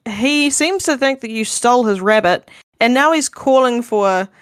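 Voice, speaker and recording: A woman's voice: a little high, expressive, normal speed, smooth, dry recording, studio quality. A woman playing in a casual tabletop game, wry and easygoing. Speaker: player.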